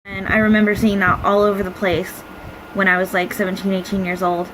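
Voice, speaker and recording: A young woman talks straight to the camera in a personal video message, her voice halting and emotional as she fights back tears. Her pitch sits in an ordinary middle range, and she trails off into frequent pauses and fillers. A clear hum of air conditioning runs under the whole recording. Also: little pitch movement, a bit bright, rough recording. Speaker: vlogger.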